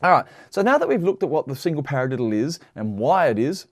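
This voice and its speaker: Speaking fast in a fairly high, sing-song voice, a drum teacher patiently walks through sticking patterns, counting them aloud. He often pauses to check that the listener is following along.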